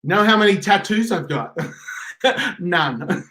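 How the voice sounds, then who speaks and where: A man's voice: high voice, animated, slow pace, bright, forceful tone. A man co-hosting a casual live stream, joking around and laughing often. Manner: joking, playful, breaks into silly voices and laughter. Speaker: co-host.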